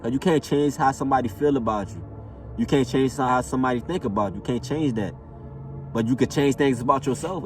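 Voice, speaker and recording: A man speaks a little away from the mic, so his voice sounds distant. Faint music plays under his casual, motivational monologue. He repeats his phrases for emphasis. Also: medium pitch. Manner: repetitive, emphatic, casual slang with frequent "know what I'm saying". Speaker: motivational vlogger.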